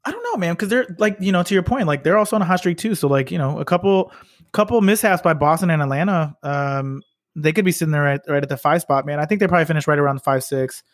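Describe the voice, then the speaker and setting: A man's voice: a little high, expressive, fast, no echo, studio quality. A young man co-hosting a podcast, chatting about basketball in a loose, casual way with the odd swear word. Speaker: podcast co-host. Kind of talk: casual sports chat.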